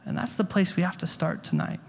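Man preaching in a higher voice. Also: a little fast, a little mellow. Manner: conversational, repeats words, asks the room questions. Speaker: pastor. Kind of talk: sermon. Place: church hall before a congregation.

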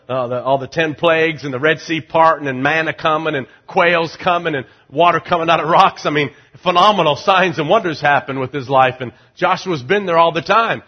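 A middle-aged man preaching as pastor, urging the crowd to repeat lines and swinging from loud rising calls to low, confiding asides. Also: husky, dull audio. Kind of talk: sermon.

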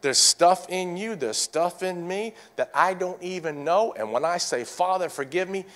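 A man preaching a sermon, urging the congregation to respond, repeating phrases and swinging from shouts to hushed lines. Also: sits high, expressive, measured pace. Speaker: pastor.

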